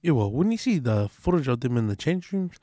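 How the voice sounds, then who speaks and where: A man's voice: medium pitch, sing-song, fairly quick, mellow, no room sound, clean studio sound. A man with a New Zealand accent in casual podcast chat, slangy, swearing and tagging lines with "eh". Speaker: podcast panelist.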